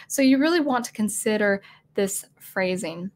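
A woman's voice: medium pitch, moderate pace. A woman teaching music composition in a casual video lesson, thinking aloud with many fillers and restarts, her throat getting dry. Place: at home with a digital keyboard.

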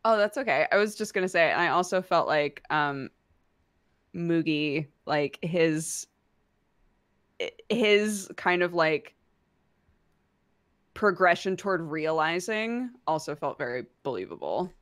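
Female co-host, lower voice, dry close mic, casual and giggly. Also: animated, slow, long pauses, fairly bright tone, no room sound. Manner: chatty, laughs often, acts out quotes. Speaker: podcast co-host. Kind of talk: casual book club chat.

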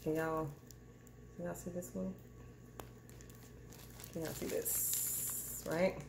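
A woman chatting casually to her viewers while unboxing in her home kitchen, animated and calling them "y'all". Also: lowish voice, slow. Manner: animated, addresses viewers as "y'all", frequent "okay?". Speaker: cooking channel vlogger. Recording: echoey kitchen with clear background noise.

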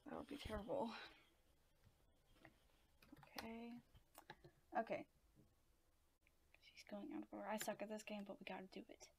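A woman's voice: mid-range voice, little pitch movement, normal speed, gravelly, pauses often, darkish tone, slight background noise. A young woman casually talking through her own gameplay, giggling often and exclaiming to herself as she plays. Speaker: gaming channel host.

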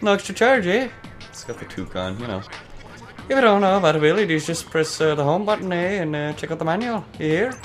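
A man voicing a loud, brash shrimp shoe seller, full of salesman patter. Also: on the high side, very animated, fast, faint music behind, voice pushed up. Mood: pushy.

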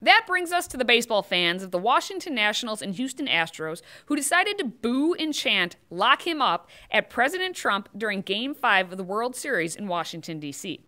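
A woman's voice: on the high side, sing-song, moderate pace, hardly any pauses, pushed and bright. A woman hosting scripted political commentary, delivering it with sarcastic, mocking asides.

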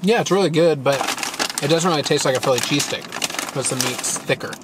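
A man's voice: fairly high pitch, quick pace. A man co-hosting a casual vlog, laid-back and joking. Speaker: vlog co-host. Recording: outdoor camera audio with street noise.

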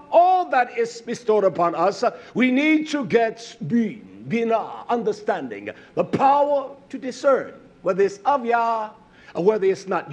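A man preaching a sermon, slow and emphatic with many fillers, rising to shouts and then dropping low.

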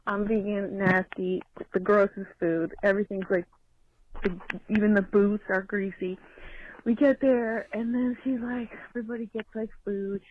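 A young woman calling in to tell a rambling, profane story, excitable and loud. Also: mid-range voice. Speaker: caller. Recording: tinny phone line with faint hiss.

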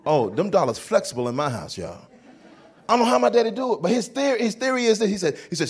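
A young adult man doing stand-up comedy at a church, telling a story in an animated, playful way. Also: high voice, quick pace, husky.

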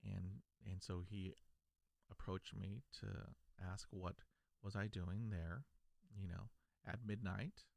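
A video creator from South Texas tells his own story to camera, earnest and reflective, stuttering with repeated words and broken starts. His voice sits low with fairly even intonation, slow, creaky and a little mellow. There's no room sound.

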